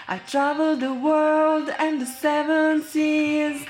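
A woman singing soft, slow phrases. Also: high voice, level tone, soft background music.

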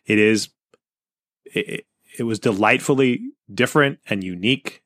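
A man's voice: fairly low pitch, moderate pace, a bit bright, no echo, studio quality. A man from the Pacific Northwest hosting a podcast, easygoing and affable, who stammers a little at the start of his sentences. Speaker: podcast host. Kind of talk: casual interview chat.

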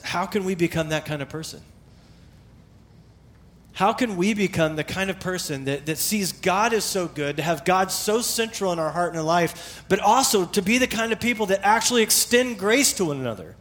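A middle-aged male pastor preaching a sermon in a conversational, animated way, with emphatic repetition. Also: fairly high pitch.

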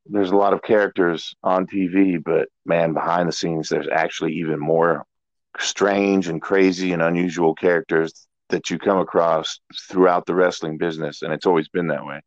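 A middle-aged man, a former wrestler, telling stories in a relaxed, rambling way as an interview guest. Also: low voice, normal speed, no echo. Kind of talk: casual storytelling interview. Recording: dull lo-fi dry audio.

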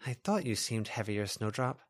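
A man voicing a brisk, practical teenage girl, lifting his pitch and keeping it matter-of-fact in an audiobook reading. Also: sing-song, no echo.

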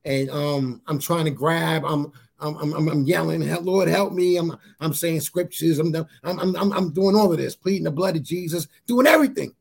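A man sharing a personal testimony in a casual interview, halting and repeating his words as he tells it. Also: creaky, husky. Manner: halting, repeats words, often says "you know what I'm saying"; grows animated at high points.

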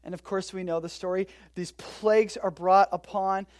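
Casting: relaxed preacher, mid-range voice, jokey storytelling sermon with big loud-to-soft swings. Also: mid-range voice, moderate pace. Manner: casual, joking storytelling with sudden swings between loud and quiet. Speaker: pastor. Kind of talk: conversational sermon.

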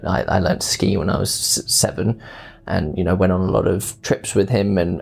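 A man in his twenties, from England, answering interview questions casually and telling stories with lively quoted voices. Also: deep voice, gravelly. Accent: English with Australian touches. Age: 20s. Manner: animated storytelling with playful quoted voices. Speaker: guest.

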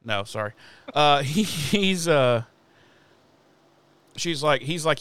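With a clean tone and a voice on the high side, a man speaks slowly as he co-hosts a podcast episode recap. He's lively and foul-mouthed, reenacting what the characters said in this relaxed chat.

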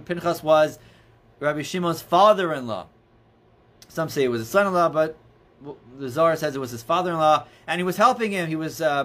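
Man, rabbi teaching a class, fairly high voice, chatty storytelling, lots of restarts and fillers. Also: fairly bright tone. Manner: conversational, many restarts and "you know"s, storytelling. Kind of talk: informal Torah lesson. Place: indoors near books.

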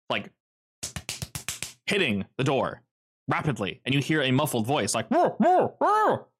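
A man's voice: medium pitch, fairly bright tone, breathy edge. A man running a tabletop game as game master, narrating in a rambling, easygoing way full of fillers.

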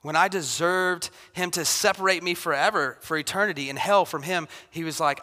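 A man's voice: a little high, normal speed, hardly any pauses, bright, forceful tone. A man preaching a sermon in a conversational way, often acting out quotes with rising intensity. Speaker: pastor. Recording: reverberant hall.

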